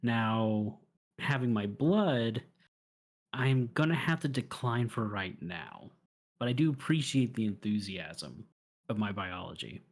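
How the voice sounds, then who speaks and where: A man's voice: fairly low pitch, expressive, slow. Man role-playing a polite alien officer. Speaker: player. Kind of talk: in-character tabletop role-play.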